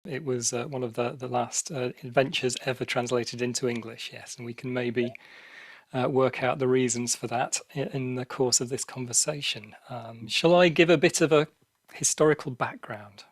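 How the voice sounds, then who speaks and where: A man's voice: mid-range voice, steady tone, moderate pace, no room sound. A man co-hosting a podcast, explaining history at length in a casual way, with frequent ums and restarts. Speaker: podcast co-host.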